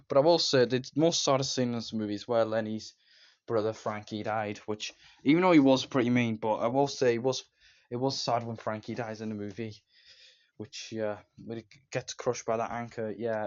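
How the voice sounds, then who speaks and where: A man's voice: medium pitch, darkish tone. Rambling man with a dull lo-fi sound. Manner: rambling, strings scenes together with "and then"; briefly acts out characters' lines with silly voices. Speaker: film reviewer. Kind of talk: casual movie review.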